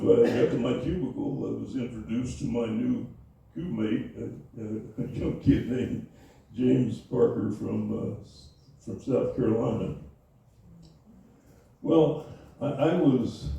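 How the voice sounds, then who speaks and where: Older man, oral history interviewee: dark, gravelly voice, halting speech with many restarts, recorded from a distance. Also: mid-range voice, lo-fi sound. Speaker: interviewee, Navy veteran. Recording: echoey room, voice from far off.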